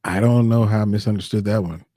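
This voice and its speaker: Chill guy with a low husky voice cohosting a fight stream, laughs a lot, kinda hesitant. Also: steady tone, fast, mellow, dry recording, studio quality. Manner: laid-back, laughs often, hesitant. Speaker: co-host of a live fight show. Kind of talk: casual chat on a live stream.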